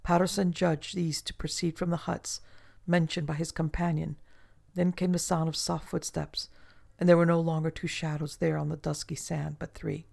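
A man narrating a novel in a measured, literary reading style. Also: fairly high pitch, level tone, vocal fry, a little mellow. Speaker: audiobook narrator. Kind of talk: scripted narration.

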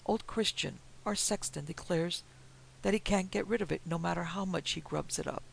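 A gentle white-haired old minister talks mildly and patiently, as a man puts him on. His voice is a little high and carries a gravelly rasp. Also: a little hiss or hum, full character voice, rough recording. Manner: mild, measured, slightly apologetic.

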